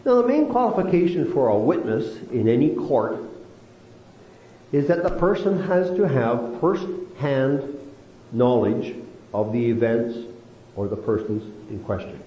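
Animated man teaching a Bible study. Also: medium pitch. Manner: lively, animated delivery with slow emphatic stretches. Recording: roomy, dull lo-fi sound with faint noise.

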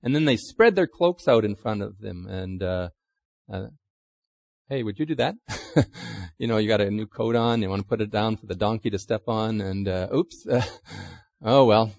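A man's voice: lowish voice, animated, normal speed, gravelly, darkish tone, no room sound. A man preaches in a chatty, conversational way. He keeps asking his listeners questions and acts out quotes in small voices. The sound is dry and close. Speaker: pastor. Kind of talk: sermon.

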